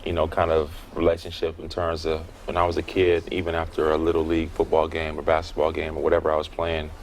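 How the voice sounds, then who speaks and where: Male interview guest, very low voice, easygoing and measured, faint background noise. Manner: relaxed, thoughtful, hesitant with fillers. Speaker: interview guest, football player. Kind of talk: casual interview.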